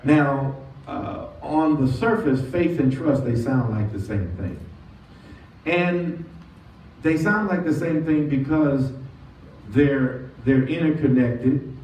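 A man's voice: fairly high pitch, darkish tone. A man preaching as pastor, leading call-and-response and stretching out key words. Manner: call-and-response preaching, slow drawn-out emphasis. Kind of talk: sermon. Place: church sanctuary. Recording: distant echoey church sound with dull lo-fi audio and faint noise.

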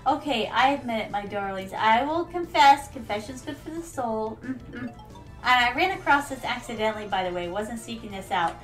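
A woman with a high, bright-sounding voice talks through a video game stream in a playful, theatrical way. She fondly calls her audience "my darlings." Soft game music plays faintly behind her. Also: low-quality recording. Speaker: VTuber streamer. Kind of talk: casual gameplay commentary.

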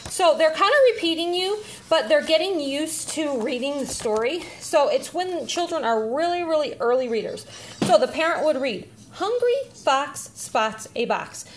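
A woman teacher casually demonstrating reading activities, slightly out of breath, pausing often with "um". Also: high voice, a little hiss or hum. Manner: chatty, with frequent "um" pauses while handling letters.

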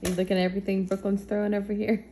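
A young woman filming her children at home on a phone, gently coaxing a baby to talk. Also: mid-range voice, level tone, rapid-fire, slight background noise. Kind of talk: casual home video. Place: family home indoors. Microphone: phone camera.

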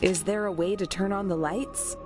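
A wary young heroine from a horror video game asks tense, uneasy questions, voiced by a woman. Her voice sits at a middling pitch. Clear music runs underneath. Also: fairly even intonation, moderate pace, natural voice.

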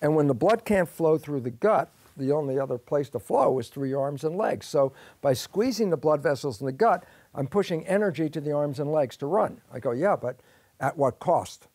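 Older man explaining with lively storytelling. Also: fairly high pitch, normal speed, no room sound. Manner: lively storytelling, acting out his own questions and answers. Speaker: guest expert. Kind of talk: explanatory interview talk.

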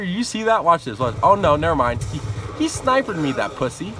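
A man streams a shooter game and comments as he plays, swearing freely and trash-talking the other players. His pitch swings widely as he talks, and a steady noise runs under the recording. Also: moderate pace, pauses often. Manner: profane, animated trash talk. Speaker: live streamer. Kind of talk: casual gameplay commentary.

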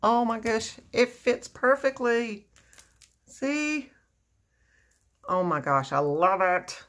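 A crafting vlogger with a slightly high, fairly bright voice opens happy mail slowly, her intonation lively. She chats casually and gushes effusively over the gift.

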